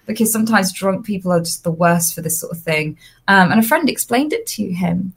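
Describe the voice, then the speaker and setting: Young woman telling lively stories. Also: medium pitch, quick pace, vocal fry, breathy edge. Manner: lively anecdotes, frequent fillers and restarts. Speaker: interview guest, streamer. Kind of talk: casual storytelling.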